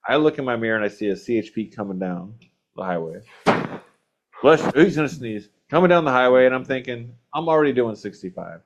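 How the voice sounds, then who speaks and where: A man's voice: mid-range voice, lively intonation, fairly quick, a little hiss or hum. A man hosting a podcast, casually rambling through anecdotes with a chuckle here and there. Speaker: podcast host. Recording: dull lo-fi podcast audio.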